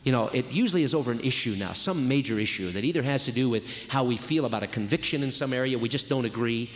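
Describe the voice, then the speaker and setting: A man's voice: mid-range voice, fast talker. A man giving a conversational sermon on marriage, acting out quoted voices as he goes. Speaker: speaker at a marriage retreat. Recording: long reverb of a large hall.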